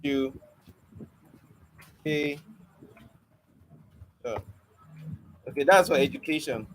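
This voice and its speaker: A man's voice: a little high, drawn-out words, fairly bright tone, slight background noise, low-quality recording. A young man teaching an online poetry lesson, coaxing and questioning his students with light teasing. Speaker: poetry mentor.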